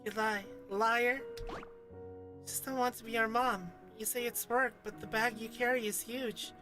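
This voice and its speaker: A woman's voice: fairly high pitch, fairly even intonation, measured pace, over music, close to an everyday voice. A woman reading as a sulky, accusing child. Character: hurt, accusing child from the game. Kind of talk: reading game dialogue aloud.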